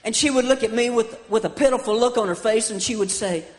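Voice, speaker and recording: A man's voice: very high-pitched, fast talker, in a large hall. A man doing stand-up comedy, telling stories about his mother and her sayings, with punchlines. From American South. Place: large hall with audience.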